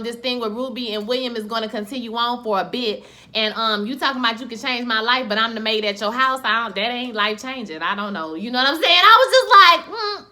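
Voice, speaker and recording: A woman giving a casual, animated episode recap, slangy and acting out scenes in quoted voices. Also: fairly high pitch. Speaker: TV show reviewer.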